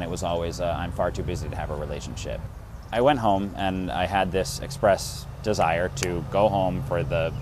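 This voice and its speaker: A man in his thirties from Massachusetts, an actor and director, telling a personal story to camera in a lively way and acting out the dialogue. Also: deep voice, slight background noise. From Massachusetts, USA.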